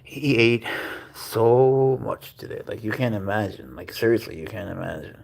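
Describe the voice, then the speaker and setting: A man's voice: lowish voice, fairly even intonation, moderate pace, vocal fry, a little mellow. A man hosting a casual livestream, cooing to his pet cat and reading out viewer comments. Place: at home.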